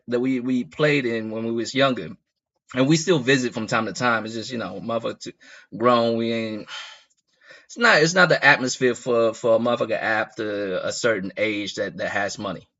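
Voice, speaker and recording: A man spinning a loose, profane story with a bright, forceful tone, circling back on himself and chuckling at his own tale. His pitch sits in the middle range. The recording sounds slightly dull and muffled. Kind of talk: casual comedic storytelling.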